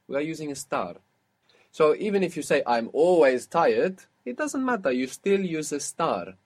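A man's voice: mid-range voice, a little mellow, breathy edge. A man teaching a spoken language lesson, patiently explaining grammar step by step and quizzing his student.

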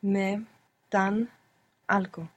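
A woman's voice: medium pitch, flat delivery, drawn-out words, slightly rough, lo-fi sound. A woman answering as the student in an audio language lesson, careful and thinking aloud.

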